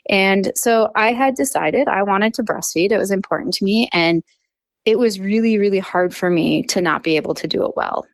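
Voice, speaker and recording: A woman's voice: medium pitch, moderate pace, no room sound. A woman in her thirties, a dentist guest on a podcast, telling a personal story in casual conversation and acting out what others said. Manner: chatty storytelling with lively acted quotes.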